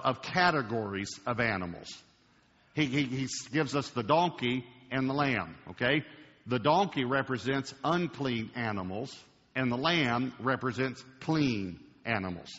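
A man preaching to a large congregation, slowing down to hammer home key words. His voice sits at an ordinary pitch. The sound is dull and carries a long church-hall reverb. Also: fairly bright tone. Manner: emphatic, slows down to stress key words. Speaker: pastor. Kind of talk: sermon.

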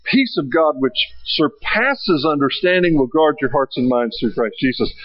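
Husky-voiced male preacher, dull lo-fi recording. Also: medium pitch, no room sound. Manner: preaching with swells of emphasis, slowing on key phrases. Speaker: pastor. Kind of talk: sermon.

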